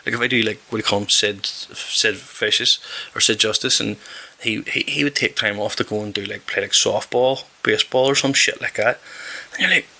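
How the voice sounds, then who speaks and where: A Northern Irish man hosts his own podcast in a loose, rambling chat, swearing freely and tripping over restarts. His voice sits a touch low with a gravelly fry, yet it sounds bright and forceful. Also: steady tone, fairly quick. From West Belfast, Northern Ireland. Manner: rambling and profane, self-correcting, with repeated restarts. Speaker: podcast host. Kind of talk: casual chat.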